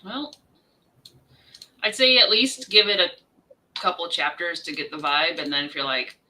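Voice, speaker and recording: A woman in casual chat who coaxes and talks gently to a dog. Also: on the low side, expressive, normal speed, rough recording. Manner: coaxing, talking gently to a dog. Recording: off-mic, with background noise.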